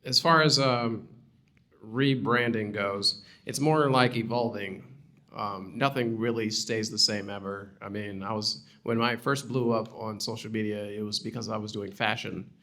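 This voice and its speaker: A man's voice: fairly low pitch, fairly even intonation, a little slow, sharp tone. A man on a panel giving blunt, wry answers in a loose, casual way. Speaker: panelist and musician.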